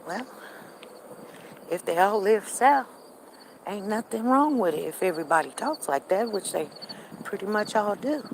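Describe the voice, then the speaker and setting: A woman vlogging on an outdoor walk, telling stories in a chatty, animated way and talking straight to her viewers. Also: mid-range voice, normal speed, pauses often, slight background noise, rough recording. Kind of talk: casual storytelling to viewers.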